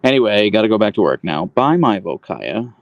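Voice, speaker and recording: A man chatting on a livestream, swinging from low murmurs into high, sing-song baby talk aimed at his dog. His voice has a gravelly fry, recorded close and dry on a handheld phone. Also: big pitch swings, brisk, no echo, highs cut off. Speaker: livestream host. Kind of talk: casual livestream chat with pet. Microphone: handheld phone camera.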